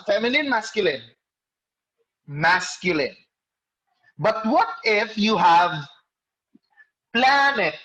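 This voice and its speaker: In a roughly recorded video-call lesson, a male teacher with a high-sitting, fairly bright voice lectures online. He explains at a slow pace, puts questions to students by name, and corrects himself mid-sentence.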